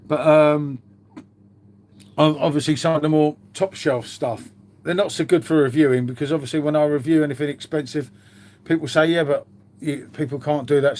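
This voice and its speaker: Chatty man, higher voice. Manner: chatty, rambling, calls viewers "mate". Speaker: livestream host reading chat. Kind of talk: casual live chat.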